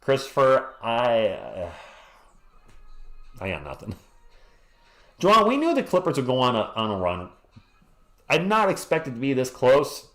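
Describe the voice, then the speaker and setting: A hoarse man hosting a live stream, calling a game play by play in a casual way and greeting chat viewers between plays. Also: mid-range voice, huge pitch swings, measured pace, pauses often, fairly bright tone, faint music behind. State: hoarse, losing his voice. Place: home at night.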